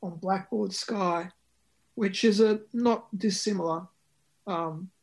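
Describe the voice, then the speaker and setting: This man's voice sits high and moves slowly. He's a musician discussing his record in a conversational interview, filling it with ums and restarts.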